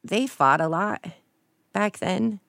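A woman's voice: medium pitch, lively intonation, slow pace, creaky, a bit bright, no echo, studio quality. A woman from Texas, speaking as an interview guest, telling her own story in a casual, candid way.

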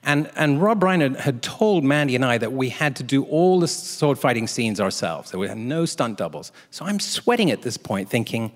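A man's voice: medium pitch, normal speed, few pauses, big-room sound. A man telling a comic anecdote as a talk show guest, acting out the other people in it. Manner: animated storyteller doing voices of others.

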